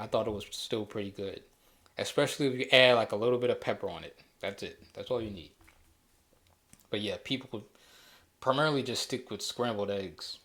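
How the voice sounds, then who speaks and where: A man's voice: fairly low pitch, fairly bright tone. A man hosting a casual solo talk show, rambling easily with frequent restarts and fillers. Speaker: podcast host.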